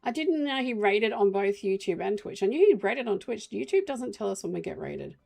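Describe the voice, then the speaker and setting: Australian woman, game streamer, creaky gravelly voice, loose rambling chat to her viewers. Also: medium pitch, lively intonation, normal speed, darkish tone. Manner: rambling, chatty, talks to chat while playing. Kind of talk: casual live-stream chat.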